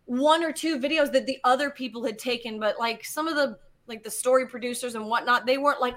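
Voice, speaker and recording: A woman geologist telling a story in casual conversation, animated and swearing as she acts out what was said. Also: fairly high pitch, a little fast, hardly any pauses. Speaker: guest geologist.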